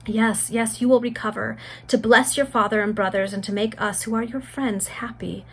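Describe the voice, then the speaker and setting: A woman's voice: on the high side, steady tone, normal speed, a bit bright. A woman voicing a noble, devoted young man in a read-aloud gothic story, speaking in an earnest, pleading way.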